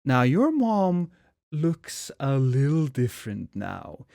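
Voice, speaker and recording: Animated male game master, dry close sound. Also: mid-range voice, creaky, no room sound. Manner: slow, suspenseful description with hesitations. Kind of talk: narrating a tabletop horror game.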